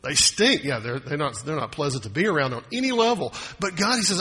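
A man's voice: a little high, lively intonation, fast, few pauses, sharp tone, slightly rough, in a large hall. A man preaching a sermon as pastor, folksy and often asking the congregation questions.

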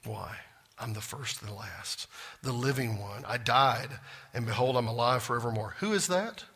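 A man with a mid-range, husky, fairly bright voice teaches a Bible class in a church classroom at a normal speed. He's folksy and drawling, often pausing to quiz the group with questions.

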